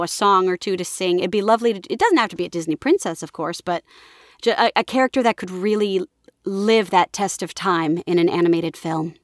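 A woman's voice: on the low side, no room sound, studio quality. A young adult woman, a voice actress, chatting enthusiastically in an interview. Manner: enthusiastic, animated, often slips into voices. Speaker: voice actress guest. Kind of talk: casual interview chat.

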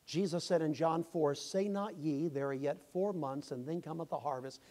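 A pastor preaching a sermon, impassioned and rising to shouts. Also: male voice, fairly high pitch, normal speed. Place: church sanctuary.

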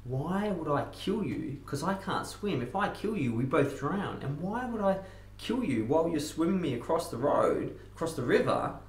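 A man's voice: fairly low pitch, steady tone, fast, lightly acted. A man playing a scheming desert scorpion. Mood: pleading. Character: scheming male desert scorpion, pleading then cold. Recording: roomy echo.

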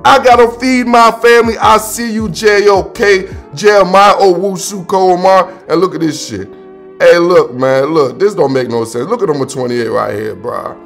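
A man with a high voice gives excited, slangy commentary over game film, repeating himself and hyping each play. Soft music plays faintly behind him. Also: normal speed, vocal fry. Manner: hyped, slangy, repeats phrases, calls viewer "dog" and "bro". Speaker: football film breakdown host.

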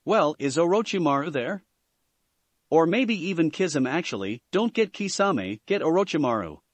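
A man's voice: fairly high pitch, animated, normal speed, dry recording. A man voicing a proud, stubborn young devil heiress who talks insistently. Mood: urgent. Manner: insistent, sharp-tongued.

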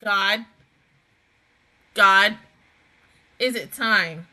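A woman hosting an anime reaction and review video, chatting in a rambling, animated way, correcting herself and swearing casually. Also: mid-range voice, extremely slow.

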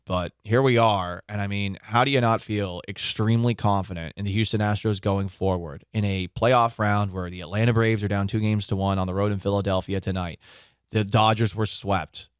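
A man's voice: lowish voice, clear, resonant tone, no room sound, clean studio sound. Opinionated man on sports radio. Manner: opinionated, conversational, self-correcting. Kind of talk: sports talk radio commentary. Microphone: studio microphone.

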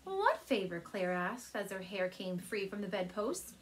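A woman teacher reading a children's chapter book aloud from her couch at home, speaking gently and warmly to young listeners. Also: mid-range voice, measured pace. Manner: gentle, animated storyteller addressing kids.

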